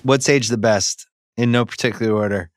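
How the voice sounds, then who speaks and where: A man's voice: medium pitch, fairly even intonation, brisk. A middle-aged man hosting a casual movie podcast, leading the segments with enthusiasm. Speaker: podcast host.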